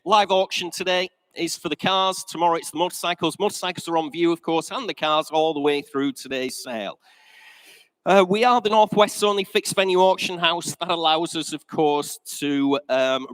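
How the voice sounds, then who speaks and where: The auctioneer here is a man with a fairly high, smooth voice and a moderate pace, slightly out of breath as he starts a live sale. In a large indoor auction room he chats and jokes, calling the crowd ladies and gentlemen. There's no room sound, and the audio quality is poor.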